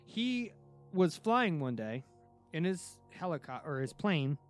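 A man hosting a podcast, telling a story in a casual, excitable way, with frequent restarts and casual swearing. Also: fairly high pitch, takes it slowly, soft background music. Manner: excitable, many restarts and fillers, swears freely. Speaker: podcast host.

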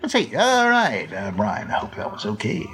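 A man hosting a podcast, talking off the cuff in a slow, rambling way, full of fillers and restarts, now and then acting out quoted lines in playful voices. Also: fairly low pitch, wildly swooping pitch, sharp tone, breathy edge. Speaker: podcast host answering listener questions. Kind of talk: unscripted monologue.

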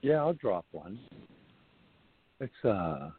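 Deep-voiced man on a phone line. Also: sing-song, takes it slowly, slight background noise. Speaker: caller. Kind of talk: casual call-in chat.

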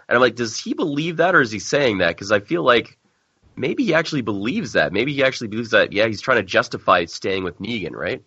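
Male co-host, lower pitch, easygoing; dry, dull line audio. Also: sing-song, brisk, pushed and bright, slightly rough, no room sound. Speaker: podcast co-host. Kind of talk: casual chat.

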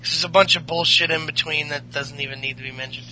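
A man's voice: a little high, steady tone, fast, bright, forceful tone, slight background noise, rough recording. A man co-hosting a podcast in casual chat, rambling and laughing with crude humor. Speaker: podcast co-host.

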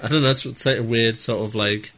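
A man's voice: mid-range voice, fairly even intonation, fast talker. Laughing man, heavy hiss. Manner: laughing, swears casually. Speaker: podcast co-host. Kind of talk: casual film-review chat.

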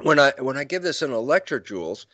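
A man's voice: medium pitch, sing-song, quick pace, fairly bright tone, dry recording. An older man explaining ideas in an interview, acting out his own lecture stories with quoted dialogue and frequent laughs. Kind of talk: storytelling explanation in conversation.

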